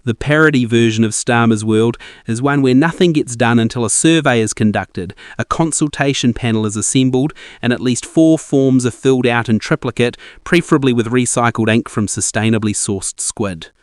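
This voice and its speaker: A man's voice: medium pitch, normal speed, hardly any pauses, no echo. A man tells a scripted comic story in a wry, self-deprecating way. His voice is recorded close and dry, with no room around it. He sounds like a studio voice-over. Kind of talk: scripted comedic monologue narration.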